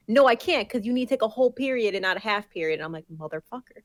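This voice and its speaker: A woman's voice: mid-range voice, fast talker, no room sound. A young woman in casual chat as a podcast co-host, telling a story full of swearing and acting out the people she quotes.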